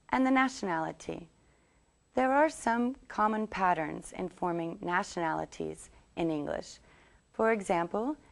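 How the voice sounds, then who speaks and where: A woman teaching English, reading a scripted lesson and saying model sentences slowly for learners to repeat. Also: on the low side, creaky. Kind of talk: scripted language lesson narration.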